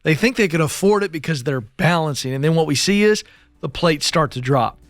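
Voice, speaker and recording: A man co-hosting a call-in advice show, explaining things in a calm, measured way. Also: fairly high pitch, no echo, studio quality, soft background music. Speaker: co-host. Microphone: studio microphone.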